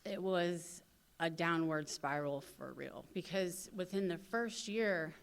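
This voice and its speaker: A woman's voice: on the low side, slow, gravelly. A woman in her thirties from St. Louis, speaking at a recovery convention and telling her story candidly, with lots of fillers and quoted voices. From St. Louis, USA. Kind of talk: personal recovery story told to an audience.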